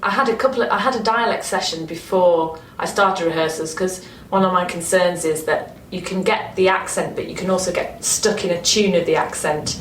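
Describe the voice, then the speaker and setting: A Northern English woman, an actress being interviewed, who talks with animated enthusiasm and often restarts her sentences. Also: fairly low pitch, brisk, hardly any pauses. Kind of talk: casual interview chat. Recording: roomy, distant mic with faint noise.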